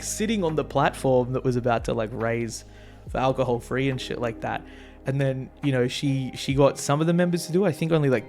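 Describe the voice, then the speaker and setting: An Australian man hosting a vlog, chatting casually and excitably, swearing freely and laughing often. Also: mid-range voice. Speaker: vlog host. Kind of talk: casual concert recap.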